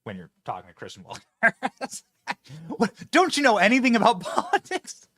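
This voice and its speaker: Male commentator, mocking and sarcastic, bright tone, very animated delivery, dry sound. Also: very high voice, moderate pace, no echo. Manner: mocking, sarcastic, laughs often. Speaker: political show host. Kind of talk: opinionated political commentary.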